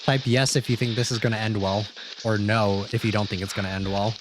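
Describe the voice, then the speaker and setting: A man's voice: lowish voice, steady tone, brisk, background noise. A man streaming a horror video reaction, commenting casually, joking with chat and swearing freely.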